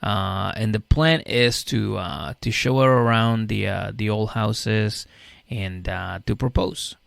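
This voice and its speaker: A man co-hosting a comedy podcast, recapping a reality show in casual chat and jumping into squeaky voices for the people in it. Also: takes it slowly, vocal fry, no echo, clean studio sound. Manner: animated, acts out characters in high squeaky voices. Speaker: podcast co-host.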